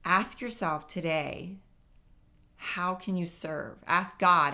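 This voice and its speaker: A middle-aged woman talks through her own podcast in an earnest, emphatic way, often turning to her listeners directly. Her voice sits low, with a gravelly fry running through it. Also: fairly even intonation, takes it slowly, pushed and bright. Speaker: podcast host. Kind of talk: impromptu solo podcast talk.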